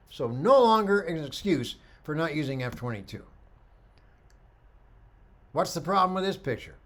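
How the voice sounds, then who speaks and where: Brief: energetic middle-aged male instructor, fairly high voice with big melodic swings. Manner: animated storyteller, acts out dialogue. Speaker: photography instructor. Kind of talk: lecture with slide commentary.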